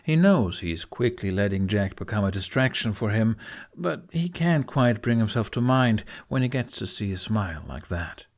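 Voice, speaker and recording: A man narrating a fan fiction audiobook with an expressive reading. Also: lowish voice, normal speed.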